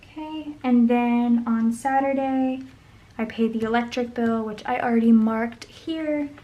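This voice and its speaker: A woman's voice: fairly high pitch, unhurried, warm tone, dull audio. A woman chatting casually as she goes over her budget, thinking aloud and murmuring sums under her breath. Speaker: budget vlogger. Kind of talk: casual talk while planning.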